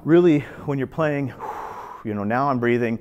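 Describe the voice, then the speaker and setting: A man's voice: medium pitch, normal speed, a little mellow, lo-fi sound, slight background noise. A man in his fifties giving a casual, earnest pool lesson, repeating phrases as he demonstrates his stroke. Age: 50s. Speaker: pool instructor. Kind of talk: casual instructional talk. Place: billiard club.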